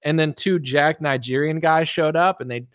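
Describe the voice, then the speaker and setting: A man's voice: a little high, moderate pace, smooth, dry recording, clean studio sound. A young man hosting a casual livestream, reading viewer comments aloud and answering them with sarcastic mockery. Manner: sarcastic, mocking, jumps into impressions.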